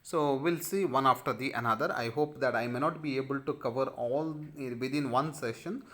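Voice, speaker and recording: A man with an Indian English accent giving a recorded lecture to students, pausing often with fillers and reading points aloud before explaining them. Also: medium pitch, pushed and bright. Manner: halting, many filler pauses; reads slide text aloud, then explains. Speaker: teacher.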